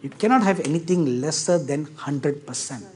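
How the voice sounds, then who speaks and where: A man's voice: a little high, lively intonation, moderate pace, slightly rough. A man preaching a sermon to a congregation, stressing his points by repeating key words and asking the audience for agreement.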